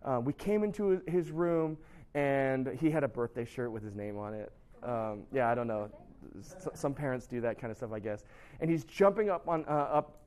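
Man, casual sermon storytelling, conversational, rambling, restarts, mid pitch. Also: a little mellow. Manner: acts out quoted people in the story. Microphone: recorded live, speaks to a sound tech.

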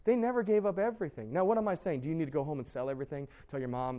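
A man's voice: high-pitched, very animated, quick pace, hardly any pauses, dark tone. A young man preaching a sermon as youth pastor, casual and joking, with lots of fillers and restarts.

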